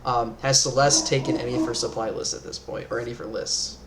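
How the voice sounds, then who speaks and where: Casual Midwestern game master, rambling. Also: male voice, medium pitch, little pitch movement, quick pace, background noise. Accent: Northern Midwestern US. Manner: casual, filler-heavy, laughs often. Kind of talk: narrating a tabletop game.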